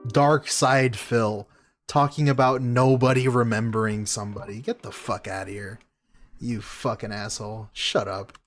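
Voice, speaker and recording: A man's voice: on the low side, steady tone, normal speed, soft background music. A man streaming a reaction, ranting angrily and swearing at the clip he is watching. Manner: angry, swearing, mocking rants. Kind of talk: profane reaction commentary.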